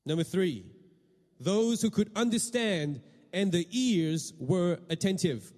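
High-voiced preacher man in a reverberant hall. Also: animated, slow pace, a little mellow. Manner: questioning the congregation, repeating words. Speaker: pastor. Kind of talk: sermon.

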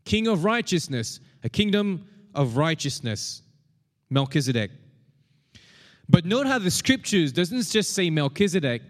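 A man's voice: a little high, sing-song, unhurried, big-room sound. A man preaching a sermon as pastor, emphatic and repetitive, leading the congregation to repeat key phrases after him.

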